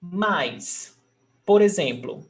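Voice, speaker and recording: Male language tutor, unhurried and patient, walks through grammar rules and checks in often. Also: high-pitched, expressive, faint music behind. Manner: patient, explains rules step by step and checks understanding. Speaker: Portuguese teacher. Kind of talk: online language lesson.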